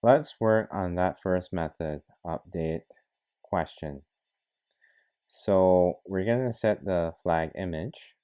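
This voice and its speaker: A man's voice: deep voice, slow, clean tone, muffled recording. A man narrating a coding tutorial, talking methodically through each step. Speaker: programming tutor. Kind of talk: screen-recorded coding tutorial.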